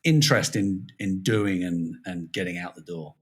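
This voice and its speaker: A man with a British accent, a toy designer chatting casually as a guest on a podcast, lively and self-deprecating. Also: sits low, moderate pace. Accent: British English.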